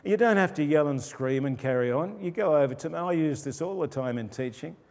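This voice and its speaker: Older male pastor, mellow tone, relaxed conversational sermon with quiet asides, long church reverb. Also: brisk. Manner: conversational preaching, lowering his voice for quoted asides.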